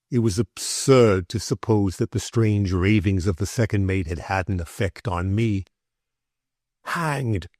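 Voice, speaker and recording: Low-voiced male audiobook narrator. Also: a little mellow, no room sound, clean studio sound. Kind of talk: scripted narration.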